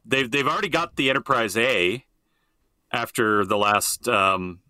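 A man's voice: medium pitch, animated, unhurried, sharp tone, dry recording, studio quality. A middle-aged man co-hosting a podcast in casual chat, rambling and swearing freely and often circling back to restart his point. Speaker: podcast co-host.

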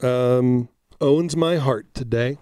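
A man co-hosting a podcast in casual chat, speaking emphatically with profanity and fast excited bursts. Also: mid-range voice, clear, resonant tone, no room sound, clean studio sound. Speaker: podcast co-host.

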